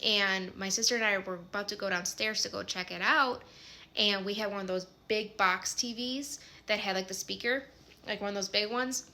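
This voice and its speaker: A woman's voice: medium pitch, steady tone, normal speed, bright, forceful tone. A woman in her thirties with a Midwestern American accent, casually telling a personal story with lots of "like" and "um". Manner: chatty, many fillers like "like" and "um".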